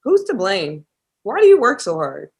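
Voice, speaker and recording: A woman's voice: medium pitch, wildly swooping pitch, moderate pace, a little mellow, slightly rough. A woman hosting a podcast, asking easygoing follow-up questions to her guest. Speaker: podcast host. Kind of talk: casual podcast interview.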